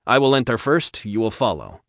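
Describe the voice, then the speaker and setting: A man's voice: mid-range voice, very animated, brisk, fairly bright tone, dry recording, studio quality. A man voicing a confident, commanding male engineer with formal speech, in an audiobook.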